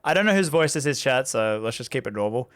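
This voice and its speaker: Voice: mid-range voice, animated, quick pace, a little hiss or hum. A streamer giving casual game commentary, giggly and chatty with viewers, over game music. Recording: game music playing behind.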